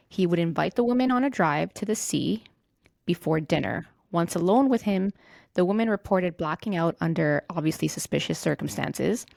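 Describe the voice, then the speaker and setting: A woman with a low, gravelly voice narrates a true-crime story for a podcast. She reads from a script, stumbling and restarting now and then. Her own mic on a remote call gives a dry, close sound. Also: darkish tone, no echo. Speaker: podcast host.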